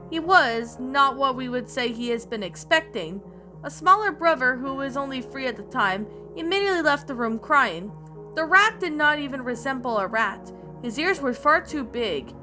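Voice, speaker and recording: Bright-voiced woman reading a creepypasta. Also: sits high. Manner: slightly halting reading with restarts. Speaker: creepypasta narrator. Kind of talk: storytelling narration. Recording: faint background music. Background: music.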